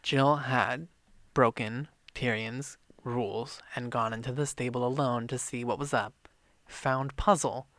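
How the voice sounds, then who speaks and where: An animated man co-hosts a casual book podcast, retelling the story with cursing and quick acted-out lines. His voice is bright and forward. The recording is close and dry. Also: medium pitch, no room sound. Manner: animated, profane, acts out lines. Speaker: podcast co-host. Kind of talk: casual book-club chat, retelling the plot.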